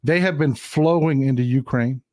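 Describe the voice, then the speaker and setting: A Texan man hosts a live-streamed political commentary show, walking through a map and emphatically repeating lines for stress. His mid-range voice is a little mellow and moves at a normal speed, captured in a dry, studio-quality recording.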